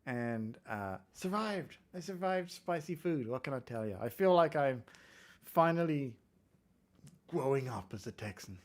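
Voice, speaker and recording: A man's voice: mid-range voice, animated, unhurried. An English man hosting a casual live coding stream, chatting and joking about his code as he reads out viewer comments. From England. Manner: chatty, self-deprecating, reads out chat comments. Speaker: developer livestream host.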